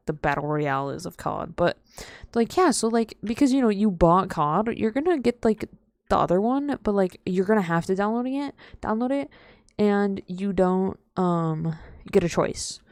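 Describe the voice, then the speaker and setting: A woman's voice: mid-range voice, lively intonation, normal speed, darkish tone, no room sound, studio quality. A young woman live-streaming a game, rambling in casual chat and full of "like" fillers. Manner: rambling, heavy use of "like" fillers; chatty and playful.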